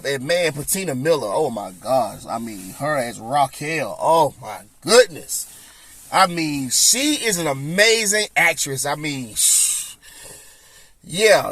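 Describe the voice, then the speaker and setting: A man's voice: on the high side, lively intonation, a little slow, fairly bright tone, no room sound. Rambling man chatting on a podcast. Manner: loose, rambling, many fillers. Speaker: podcast host. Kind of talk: casual chat.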